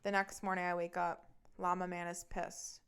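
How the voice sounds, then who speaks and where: A woman's voice: fairly low pitch, smooth. Blunt, foul-mouthed woman podcast host. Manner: blunt, swears often; fast, animated retelling. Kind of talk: casual storytelling monologue.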